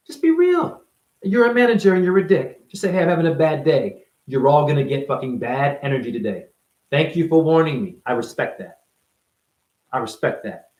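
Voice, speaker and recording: Profane ranting man, lively swooping pitch. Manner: profane, confrontational, preachy; rhetorical questions fired at the listener. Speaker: self-styled spiritual teacher. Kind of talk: ranting monologue to camera. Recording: roomy echo.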